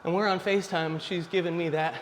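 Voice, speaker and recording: This forties-aged man talks quickly in a high voice with fairly even intonation, giving male viewers blunt dating tips in a casual, preachy direct-to-camera monologue. There's a big-room sound and slight background noise.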